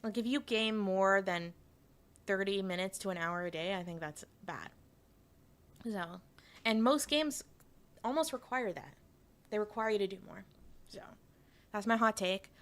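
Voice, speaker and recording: A woman's voice: mid-range voice, unhurried, pauses often. Woman, from Canada, VTuber streamer, casual livestream chat, frank, swears. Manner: chatty, frank, swears freely; reads chat aloud and answers it.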